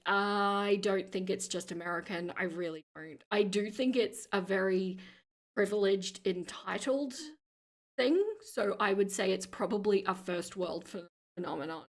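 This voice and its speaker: An Australian livestream host chats casually while reading viewer comments aloud, laughing often. She speaks at a measured pace, and her lower register has vocal fry.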